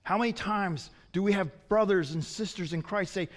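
A man preaching a sermon as a pastor, swinging from loud emphatic peaks to quiet, low asides. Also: normal speed, in a large hall.

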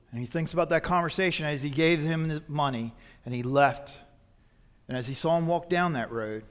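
A male pastor preaching a sermon, telling a story that moves from hushed to loud. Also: a little high. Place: church sanctuary. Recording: long reverb in a church hall.

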